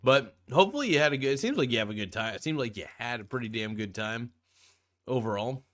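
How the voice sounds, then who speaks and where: A man's voice: medium pitch, animated, fast, fairly bright tone. A man hosting a casual reaction video, talking in a laid-back, slangy way with plenty of swearing while he snacks on crackers.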